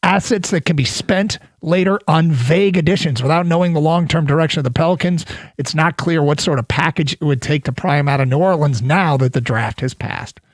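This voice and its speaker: A man's voice: fairly high pitch, no echo, studio quality. A man hosting a sports talk radio show, chatting casually, taking calls and mocking himself.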